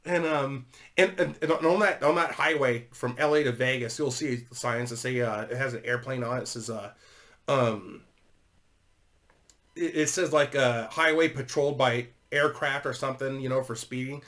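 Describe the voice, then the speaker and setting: A man's voice: medium pitch, normal speed, fairly bright tone. A man telling a long rambling story to his viewers, swearing constantly and laughing as he goes. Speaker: YouTuber.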